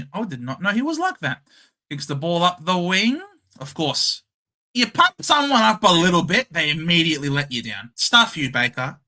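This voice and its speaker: A young Australian man hosting a casual live watchalong, calling the game and chatting with viewers, shouting at the big plays. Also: a little high. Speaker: live stream host.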